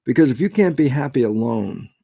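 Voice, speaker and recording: A man's voice: medium pitch, a little fast, gravelly, no room sound, studio quality. An older man, a guest scientist, telling stories with lots of expression and acting out the voices he quotes. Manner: expressive, acts out quoted voices, laughs easily. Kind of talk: animated storytelling in a conversation.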